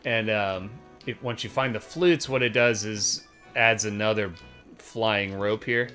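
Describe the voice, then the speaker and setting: A man in his thirties chats casually while streaming a retro game. His voice sits low but has a bright, forward edge, and he rambles with plenty of ums. Faint game music plays behind him. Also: measured pace. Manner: relaxed, rambling with many fillers.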